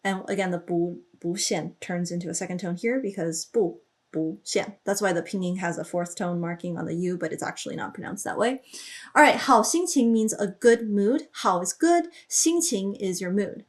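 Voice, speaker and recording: A woman's voice: medium pitch, normal speed. A woman explaining song lyrics as a language teacher, thinking aloud with small fillers and lifting her voice when she reads out each lyric line. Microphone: studio microphone.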